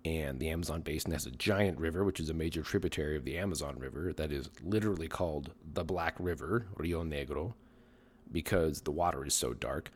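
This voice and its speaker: A man's voice: extremely low pitch, a little fast, slightly rough. A middle-aged man hosting a podcast, telling a scripted story with wry, dry humor. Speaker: podcast host.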